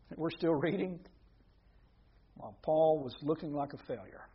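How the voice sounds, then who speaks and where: A man preaching a sermon in a conversational way, with rhetorical questions, dropping to a hush and then rising to emphatic points. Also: fairly high pitch, lively intonation, normal speed, husky, muffled recording.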